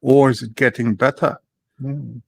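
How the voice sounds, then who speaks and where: A man's voice: medium pitch, measured pace, vocal fry, fairly bright tone, no room sound. A man chatting casually on a podcast, joking around in a put-on Scottish accent. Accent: fake Scottish. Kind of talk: casual chat.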